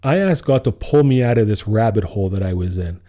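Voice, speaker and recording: A man's voice: fairly low pitch, lively intonation, brisk, dark tone. A man co-hosting a podcast, telling a personal story in casual chat, acting out his own quoted lines and laughing often. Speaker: podcast co-host.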